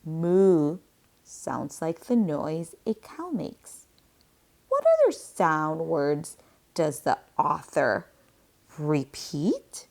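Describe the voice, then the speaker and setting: A woman teacher reading a picture book aloud slowly and deliberately, pausing for comprehension questions. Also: low voice, big pitch swings, vocal fry, darkish tone. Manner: slow, deliberate read-aloud.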